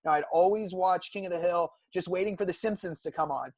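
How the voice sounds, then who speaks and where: A young man with a fairly high voice, recorded dry and close. He chats casually as a podcast co-host, eagerly walking through episodes and favorite characters at length. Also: brisk, a little mellow, no room sound. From California. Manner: enthusiastic, recounts plots at length. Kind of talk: casual chat.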